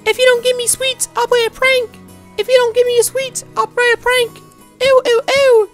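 A man's voice: very high-pitched, level tone, moderate pace, fairly bright tone, soft background music, pitched above the performer's own voice. A man doing Maria, a squealing little girl. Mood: excited. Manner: squealing, repeats "ooh" and "ew". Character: whiny hyperactive little girl, tantrum-prone.

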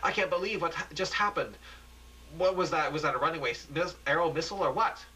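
A man's voice: on the high side, quick pace, pushed and bright, distant mic, pitched above the performer's own voice, low-quality recording. A man voicing a frantic male TV field reporter in a war zone, breathless and panicky. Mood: shaken.

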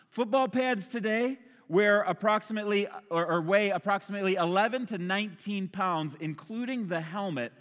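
Bright-voiced male pastor preaching. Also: high voice. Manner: energetic, conversational preaching. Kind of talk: sermon. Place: church stage with a congregation. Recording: long hall reverb.

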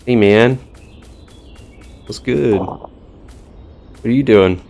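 A man's voice: lowish voice, very slow, creaky, darkish tone. A man commentating a game he is playing, sarcastic and baffled, often laughing. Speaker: gaming YouTuber. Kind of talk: let's play commentary.

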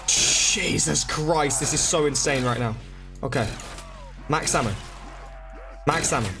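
A young man commentating his game live, excitable, swearing and begging the game for help. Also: on the high side, unhurried, pauses often. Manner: swears, begs and pleads under pressure. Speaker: gaming streamer. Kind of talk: frantic live gameplay commentary. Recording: loud game music behind. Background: game music.

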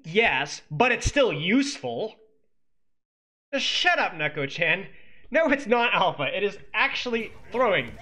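Lively, high-pitched coach. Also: male voice, measured pace. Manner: animated, exclamatory, talks straight to viewers. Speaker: esports coach. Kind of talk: game replay analysis commentary.

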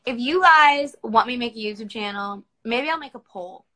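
A woman's voice: fairly high pitch, moderate pace, pushed and bright, rough recording. A woman in her twenties from Washington, D.C., chatting casually on a phone livestream and answering viewers' comments at home. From Washington, D.C., United States. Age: 20s. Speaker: model answering fans on a livestream.

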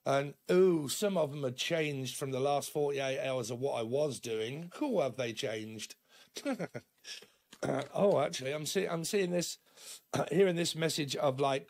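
Gravelly man reading tarot. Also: mid-range voice, unhurried, a little mellow. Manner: rambling and chatty, often laughing; acts out imagined dialogues in shifting voices. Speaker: tarot reader.

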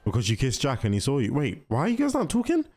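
A man hosting a casual movie reaction, chatty and excitable, talking straight to the characters on screen. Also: medium pitch, fast talker. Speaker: reaction video host.

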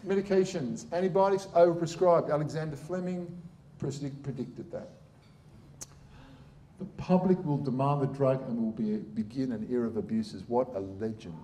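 Blunt man with a mellow voice. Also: mid-range voice, moderate pace. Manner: blunt, sarcastic, irreverent. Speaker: surgeon giving a public talk. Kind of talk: lively public talk.

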